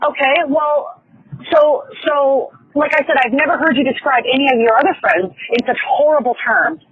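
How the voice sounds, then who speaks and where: A woman arguing defensively on a phone call, halting and repeating herself. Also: sits high, dry recording. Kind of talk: heated phone argument. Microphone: phone line. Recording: tinny phone line.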